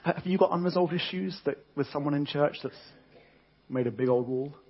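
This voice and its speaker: A man's voice: on the high side, fairly quick, breathy edge, muffled recording. A man preaching a conversational sermon with frequent restarts and repeated words.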